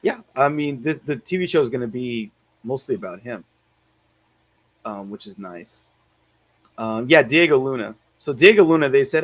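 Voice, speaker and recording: Animated man rambling in a film chat. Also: medium pitch, moderate pace. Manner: rambling, many fillers and restarts, laughs easily. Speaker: podcast host. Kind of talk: casual film review chat.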